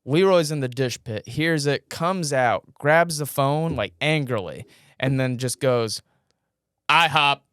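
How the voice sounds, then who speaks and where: A young man from North Carolina spins loose, slangy anecdotes as a podcast guest. His voice is smooth and resonant at a mid pitch, recorded dry and close on a studio mic. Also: expressive, a little slow, no room sound. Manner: laid-back, slangy, rambling anecdotes. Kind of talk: casual storytelling chat.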